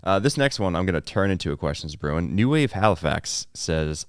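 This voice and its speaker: A man's voice: low voice, sing-song, fairly quick, few pauses, clear, resonant tone, dry recording, studio quality. A man co-hosting a sports talk show, laid-back and reading out listener questions. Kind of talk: casual sports chat.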